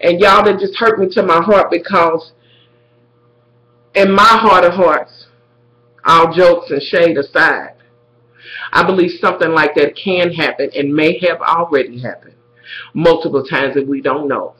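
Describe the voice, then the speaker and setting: High, bright-voiced man recapping a show. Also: fairly even intonation, a little slow, pauses often, roomy sound, low-quality recording. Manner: dramatic, profane, talks straight to viewers. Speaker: TV recap vlogger. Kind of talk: casual episode recap.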